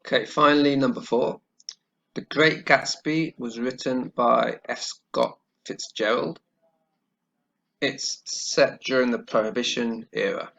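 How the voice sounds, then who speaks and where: Slow gravelly guy teaching grammar, keeps saying okay, muffled lo-fi audio w typing clicks behind. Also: mid-range voice, bright, forceful tone. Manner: slow, careful explaining with frequent "okay" checks. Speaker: English teacher. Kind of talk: grammar lesson while writing on screen. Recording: dull lo-fi recording.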